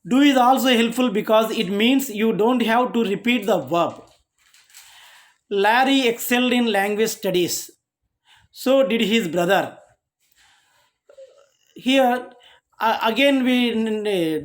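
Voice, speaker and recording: A college lecturer with an Indian English accent giving a grammar lesson, halting often and restarting sentences as they explain each example. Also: mid-range voice.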